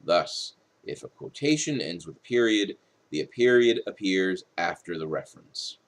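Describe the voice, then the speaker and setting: A man delivers a recorded writing lesson late at night, reading punctuation rules from a textbook. His voice sits low but rises and falls widely as he explains each rule. He breaks off now and then for casual, slightly tired asides. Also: lively intonation, normal speed. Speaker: writing instructor.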